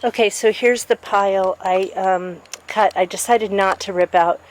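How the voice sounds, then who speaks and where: A woman's voice: medium pitch, fairly even intonation, a little slow, echoey room, slight background noise. A woman vlogger chatting casually to her viewers, rambling with lots of fillers and restarts. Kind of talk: casual chat to camera.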